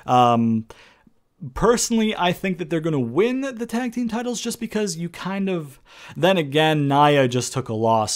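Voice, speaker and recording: Blunt, rambling man talking wrestling. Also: medium pitch. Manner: rambling, with frequent ums and restarts; blunt and profane, with sarcastic jabs. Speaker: wrestling predictions vlogger. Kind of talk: casual spoken commentary.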